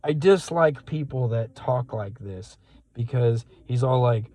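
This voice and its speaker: A man's voice: medium pitch, measured pace, darkish tone, no echo, rough recording. A man who drives rideshare, telling a rambling story in a casual vlog, full of fillers and quoted lines, speaking into a phone in his car. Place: in a car at a gas station.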